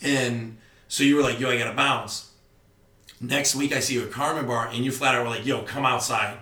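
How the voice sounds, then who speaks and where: A young man, a stand-up comedian, telling stories in casual podcast chat, animated and swearing freely. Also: medium pitch, brisk, echoey room. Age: young adult. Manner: animated storytelling, heavy swearing.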